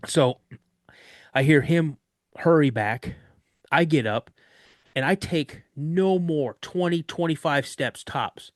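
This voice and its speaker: A man guest on a podcast, telling a story of an encounter in an animated way and acting out other people's voices. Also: mid-range voice, a little slow, dry recording, clean studio sound.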